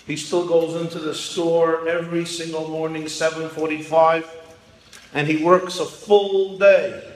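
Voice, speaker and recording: A chatty sixty-year-old man, proud and matter-of-fact, his voice lifted a little higher, as a man puts him on. The sound rings in a reverberant hall, with faint room ambience behind it. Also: little pitch movement, a little slow, slight background noise, close to an everyday voice. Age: 60s.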